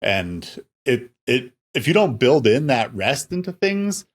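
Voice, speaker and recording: A man in his forties co-hosting a podcast, speaking in a loose, halting casual chat. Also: medium pitch, sing-song. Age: 40s. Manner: loose, halting delivery with fillers. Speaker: podcast co-host.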